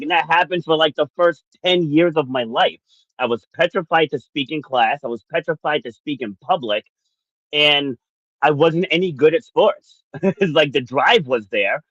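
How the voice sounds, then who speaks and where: A man co-hosting a podcast, telling a personal story in an animated way, laughing often. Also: a little high, no echo, lo-fi sound. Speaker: podcast co-host.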